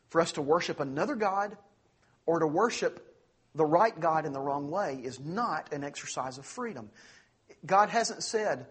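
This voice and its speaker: A man preaching a sermon as pastor, earnest, slowing down on key phrases and speeding through asides. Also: a little high, expressive, slightly rough. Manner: earnest preaching, slows for emphasis, quick asides.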